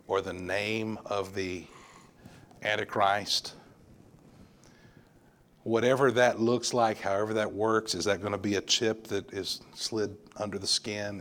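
A man's voice: lowish voice, fairly bright tone, a little hiss or hum. A male pastor preaching a sermon, emphatic and repeating words for stress.

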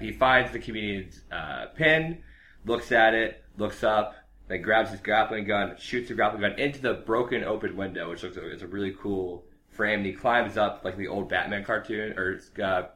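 A man's voice: fairly low pitch, moderate pace, sharp tone. A young man in casual chat, rambling through a story recap with lots of fillers and acting out characters' lines.

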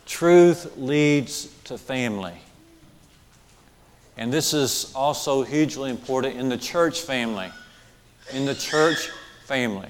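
A man's voice: medium pitch, big-room sound. A male preacher delivering a sermon, repeating key phrases for emphasis and checking in with listeners with questions and frequent "okay"s. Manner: says okay often, asks questions of the listeners.

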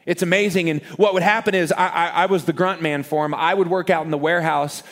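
A man preaching a sermon as a pastor, with an animated, self-deprecating manner and words repeated for emphasis. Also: a little high, quick pace.

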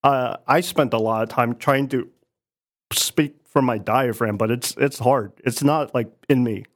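A man's voice: medium pitch, steady tone. Hesitant man in casual chat. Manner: hesitant, halting with many fillers. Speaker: conversation partner.

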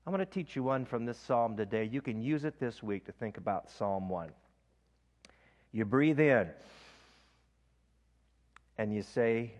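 A man preaching a sermon and leading a slow breath prayer, repeating scripture lines in a hushed voice. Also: fairly low pitch. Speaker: pastor. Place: church sanctuary. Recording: long church reverb.

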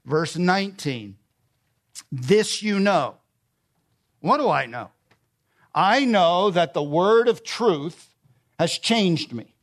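A man's voice: high-pitched, expressive, takes it slowly, long pauses. A middle-aged man preaching a sermon, emphatic and repeating key phrases. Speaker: pastor.

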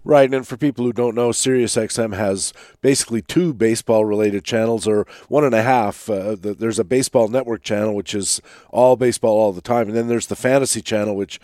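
A man's voice: lowish voice, a little fast, few pauses, dark tone, no room sound. A man hosting a radio talk show, with a stuffy nasal voice from a cold. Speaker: host.

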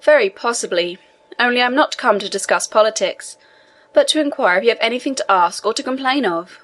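Lady doing stiff government inspector guy, measured, audiobook. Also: fairly high pitch, lively intonation, fairly bright tone. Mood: formal. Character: male government prison inspector, formal official.

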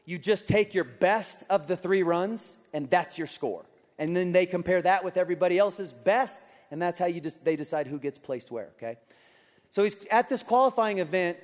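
Male pastor, sermon, animated storytelling, voice on the higher side, long reverb of a big church hall. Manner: animated storytelling, acting out quotes.

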